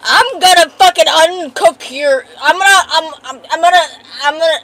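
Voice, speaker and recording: A woman's voice: very high voice, normal speed, few pauses, fairly bright tone, slight background noise. A woman streamer in casual live-stream chat, trading profane, playful mock-angry banter.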